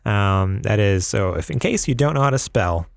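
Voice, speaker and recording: Gravelly low-voiced podcast co-host from upstate New York, chatty and laughing. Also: male voice, normal speed, dry recording, clean studio sound. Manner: laughs often, relaxed plugs. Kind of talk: casual podcast chat.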